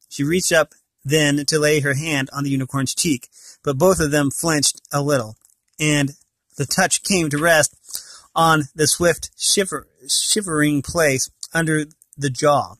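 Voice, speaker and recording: A man's voice: a little high, steady tone, measured pace, a bit bright, no echo. A man reading a storybook aloud, often stumbling and correcting himself mid-sentence. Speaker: reader of a novel.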